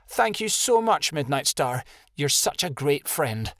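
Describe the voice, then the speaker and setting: A man voicing an excitable young female wolf in a fantasy audiobook, eager and chirpy. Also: on the high side, measured pace, no room sound, studio quality, heavily acted. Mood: pleading.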